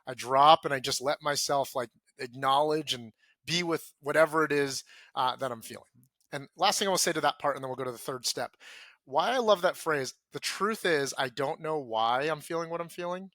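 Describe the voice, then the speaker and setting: A man talks earnestly as a podcast guest, his voice sitting a little high and sounding bright and forceful. He slips into his own inner self-talk, going softer and lower for the quoted feelings, and the sound is dry and close with no room around it. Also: normal speed, dry recording.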